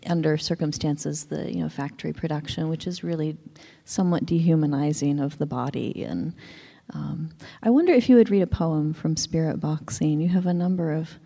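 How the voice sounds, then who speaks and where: Brief: woman interviewer, low gravelly voice, mellow tone, measured and thoughtful. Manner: measured, hesitant with fillers.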